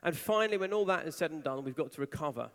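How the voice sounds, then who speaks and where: A man's voice: fairly high pitch, animated, fast, fairly bright tone. A man giving a conference talk, telling a story with animation and acting out the people he quotes. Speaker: conference speaker. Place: large conference hall. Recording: reverberant hall.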